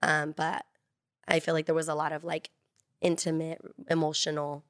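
A woman's voice: deep voice, level tone, normal speed, no echo, clean studio sound. A woman sharing a candid faith testimony as a podcast guest, talking earnestly with many casual fillers. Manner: earnest, candid, heavy use of "like".

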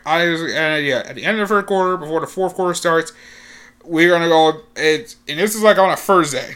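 Teen guy, rambling casual storytelling, fairly high voice, clean and smooth tone. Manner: rambling, full of "like" and restarts, bursts of excitement. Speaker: high school student.

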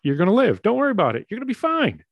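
A man's voice: high-pitched, huge pitch swings, rapid-fire, dry recording, muffled recording, voice pushed up, exaggerated voice. A man quoting a reassuring doctor on the phone, breezy and upbeat.

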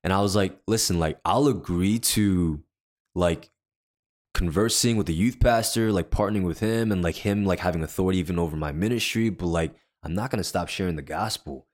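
Low-voiced man telling an earnest story. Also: fairly quick, darkish tone. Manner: earnest, acts out quoted dialogue. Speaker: podcast co-host. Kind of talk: personal storytelling in casual chat.

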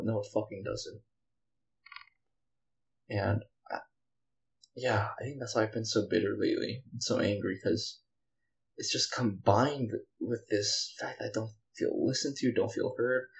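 A man with a fairly low voice rants bitterly through a solo podcast monologue, sighing often between heated, rambling stretches. The recording is dull and lo-fi, with little top end. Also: fairly even intonation, moderate pace, vocal fry. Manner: bitter, angry venting with frequent sighs; rambling, with many fillers and profanity. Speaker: podcast host.

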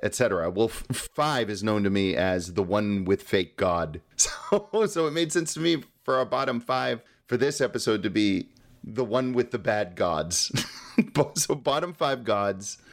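Low-voiced man, giggly podcast chat. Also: lively intonation, unhurried. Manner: chatty, giggly, careful with his opinions. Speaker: podcast co-host. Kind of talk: casual chat.

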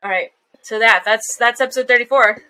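A woman co-hosting a podcast, recapping an episode in a casual, chatty way with laughs and quick asides. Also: a little high, bright, forceful tone. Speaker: podcast co-host.

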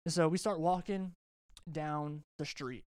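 A man's voice: fairly high pitch, unhurried, clear, resonant tone, no room sound, studio quality. A young man hosting a casual podcast, telling a long rambling story with lots of swearing and restarts. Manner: rambling, animated, swears a lot, many restarts. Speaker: podcast host.

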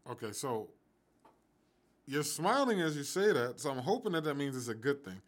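A man's voice: medium pitch, big pitch swings, moderate pace. A male interviewer asking curious questions, rephrasing them as he thinks aloud.

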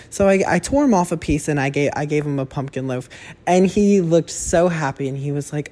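A man's voice: on the high side, brisk, darkish tone. A young man rambling through a casual solo monologue as a podcast host, chatty and self-correcting, swearing freely. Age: young adult.

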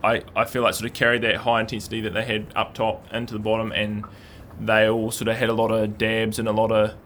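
A man's voice: fairly low pitch, completely flat delivery, fast, fairly bright tone, slight background noise. A man chatting casually about a race, hesitant and thoughtful with many fillers. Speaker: downhill racing pundit. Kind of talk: casual chat.

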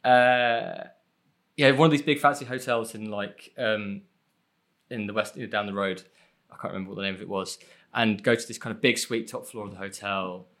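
A man's voice: lowish voice, steady tone, moderate pace, a bit bright. A man, chatting casually as a podcast guest, rambling and self-deprecating with lots of fillers and casual swearing. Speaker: guest, film editor.

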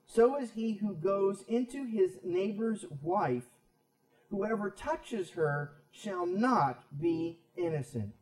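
A pastor with a high-pitched male voice delivers a Bible teaching sermon, talking to his listeners in a conversational way and pressing his points with rhetorical questions. He sounds distant from the mic, and his voice rings around an echoey room. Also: expressive, slow, a little mellow.

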